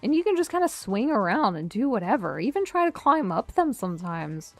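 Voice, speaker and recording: A woman's voice: fairly high pitch, sing-song, a little fast, no echo, soft background music. A woman streamer chatting casually through a tier list, rambling, cutting herself off mid-word and joking as she reminisces. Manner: rambling, self-interrupting, nostalgic and jokey.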